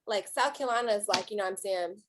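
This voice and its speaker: A woman's voice: mid-range voice, quick pace, a little hiss or hum. A young woman, a singer, chatting as a guest in a bubbly, giggly way full of "like", over a video call. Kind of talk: casual interview chat.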